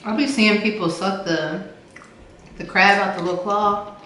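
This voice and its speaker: A woman's voice: medium pitch, fairly even intonation, a little slow, a bit bright. Chatty woman, echoey room. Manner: laid-back, chatty, playful. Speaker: vlogger host. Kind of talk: casual mukbang chat. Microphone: camera mic far away. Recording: echoey room, camera far away, noisy.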